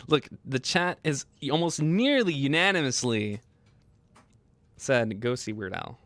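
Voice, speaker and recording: A young man hosting a casual livestream, excitable and laughing often as he chats with viewers. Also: medium pitch, slow pace, dry recording. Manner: excitable, laughs often, quotes movie lines in funny voices. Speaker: livestream host.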